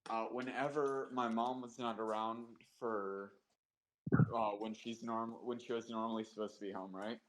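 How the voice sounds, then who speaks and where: A man's voice: medium pitch, flat delivery, moderate pace, a little hiss or hum, rough recording. A man streaming live, chatting casually and rambling about his dogs and prices with loose, profane talk. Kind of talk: casual chat.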